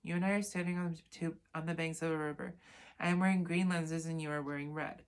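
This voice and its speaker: A woman with a low-sitting voice and steady tone reads fast from a self-help book. In this casual lesson she adds chatty asides and corrects herself as she goes.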